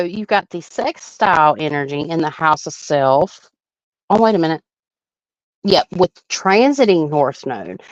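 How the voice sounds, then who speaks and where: A woman's voice: low-pitched, no echo, lo-fi sound. A woman hosting a live astrology chart reading, talking in a loose, chatty way and laughing often.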